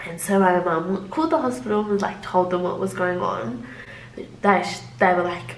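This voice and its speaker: A woman's voice: on the low side, moderate pace, a little hiss or hum. A young woman casually telling a personal story to camera in a loose, chatty way, full of "like" fillers. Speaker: vlogger. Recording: roomy echo.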